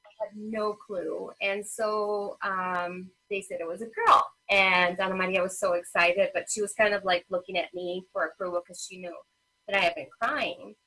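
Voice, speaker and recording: A woman's voice: mid-range voice, steady tone, normal speed, bright, forceful tone, husky, low-quality recording. A woman in her thirties, a parent advocate, telling a personal family story in a casual interview, full of fillers and acted-out quotes. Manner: emotional storytelling with many fillers. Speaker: guest, parent advocate and children's author.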